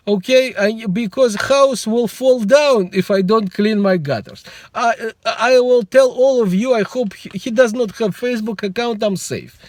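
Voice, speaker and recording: A middle-aged man, rambling in a meandering, deadpan way while talking to the camera from inside a car. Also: high-pitched, dry recording. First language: Russian. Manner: meandering, self-interrupting, deadpan humor. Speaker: vlogger. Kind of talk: rambling casual monologue to camera.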